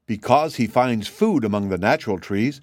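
A man's voice: lowish voice, expressive, normal speed, a little mellow, no echo, studio quality. A man voicing a matter-of-fact gnome king. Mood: explaining. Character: new king of the gnomes, reasonable male.

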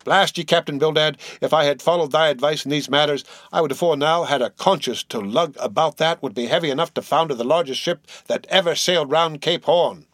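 A man's voice: a little high, a little fast, hardly any pauses, a bit bright, no echo, studio quality, voice pushed up, natural voice. A man voicing a fiery, blustering old sea captain who roars oaths in an audiobook reading. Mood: raging. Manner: roaring, outraged oaths. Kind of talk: audiobook character voice.

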